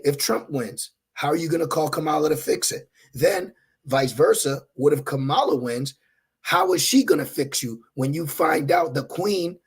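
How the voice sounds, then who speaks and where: A man's voice: fairly high pitch, creaky, breathy edge. A young adult man preaching a fiery sermon, confrontational and scornful as he reads scripture aloud. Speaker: street preacher.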